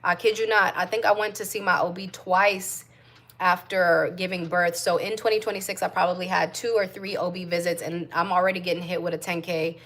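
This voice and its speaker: A young American woman and mom chatting casually on a livestream, reading viewer comments and giving shout-outs to other moms. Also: on the low side, fairly even intonation, fairly quick. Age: young adult. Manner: warm chatty shout-outs, coos baby talk to her infant.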